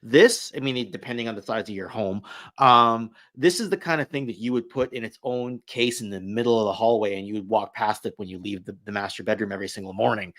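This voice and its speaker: A man with a fairly low voice talks as a podcast guest, thinking out loud and checking for agreement. He sounds close to the mic in a dry space. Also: fast, dry recording. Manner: reflective, checks agreement with "right?". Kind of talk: casual chat.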